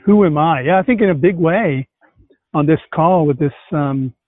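A man's voice: on the high side, moderate pace, dry recording. A male host telling a story with enthusiasm and animation in a casual conversation over a video call. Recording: tinny call audio, dry.

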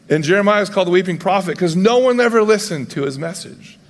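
A man delivers a sermon in a loose, conversational way, switching into quick voices to act out figures from scripture. His voice sits a bit higher than most men's. The sound carries the long reverb of a large hall. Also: lively intonation. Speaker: pastor.

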